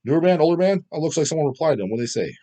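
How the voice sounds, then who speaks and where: Man, casual podcast host, rapid talk, profane, rambling, trails off hunting for names. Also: fairly high pitch, big pitch swings, mellow. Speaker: podcast host reading viewer comments. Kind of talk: casual chat.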